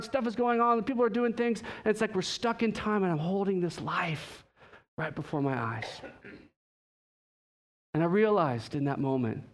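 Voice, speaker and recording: A young man preaching a sermon, telling a lively personal story and acting out the dialogue with laughs. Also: sits high. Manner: animated storyteller, acts out dialogue, laughs at himself. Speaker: pastor.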